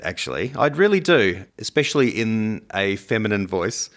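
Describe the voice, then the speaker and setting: A man co-hosting a podcast in casual chat, animated and playful, often mimicking accents and laughing. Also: lowish voice, moderate pace. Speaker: podcast co-host.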